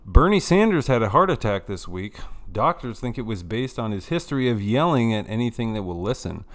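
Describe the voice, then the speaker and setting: A man's voice: medium pitch, sing-song, fairly quick. A man hosting a satirical fake news podcast in a mock-newscaster delivery with profane asides. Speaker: host.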